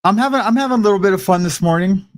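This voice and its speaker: A man in his thirties co-hosts from a home office, his voice noticeably high. He keeps his answers short and easygoing, chiming in calmly. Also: racing. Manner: laid-back, short replies. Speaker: co-host.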